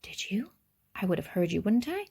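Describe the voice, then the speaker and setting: A woman's voice: medium pitch, expressive, moderate pace, a little mellow. A woman voicing a stubborn young girl who fires off raised, pressing questions. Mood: indignant.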